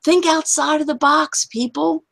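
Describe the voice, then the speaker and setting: A high-voiced woman talks straight at her listeners, blunt and heated. Her speech is casual and full of profanity, the tone of a gaming host ranting to her audience. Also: measured pace, gravelly, a bit bright.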